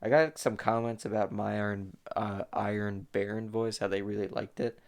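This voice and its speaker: A man's voice: fairly low pitch, fairly even intonation, moderate pace, creaky, few pauses. A young man giving a casual, rambling commentary on his own fan animation, full of fillers and restarts.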